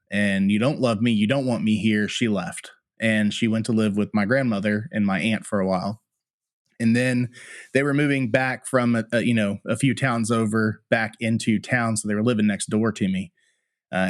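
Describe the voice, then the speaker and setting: Male podcast guest, firefighter-paramedic, lower voice, frank emotional storytelling, dry close sound. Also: dry recording. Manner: candid, plainspoken, emotional retelling. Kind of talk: personal storytelling in a podcast interview.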